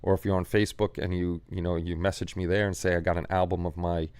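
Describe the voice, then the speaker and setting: Deep-voiced man hosting a hobby livestream. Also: flat delivery, fast talker, a little mellow, smooth, no room sound. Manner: rambling, repeats words, reads chat aloud. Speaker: livestream host. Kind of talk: casual livestream chat.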